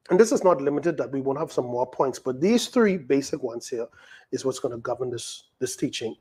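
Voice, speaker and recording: A man's voice: medium pitch, lively intonation, measured pace, warm tone, breathy edge. A man with a Bahamian accent, a pastor preaching a sermon in an emphatic way, full of rhetorical questions.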